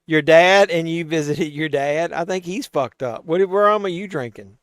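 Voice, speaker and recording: A man's voice: on the high side, moderate pace, dry recording, studio quality. A man hosting a live watch-along stream, chatting casually with viewers, loose and profane and a little tipsy from drinking. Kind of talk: casual live-stream chat, reading chat aloud.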